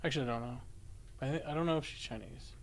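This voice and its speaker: A man chatting as podcast co-host in a studio, quiet and agreeable, often trailing off into laughter. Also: medium pitch, very fast, gravelly. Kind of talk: casual chat.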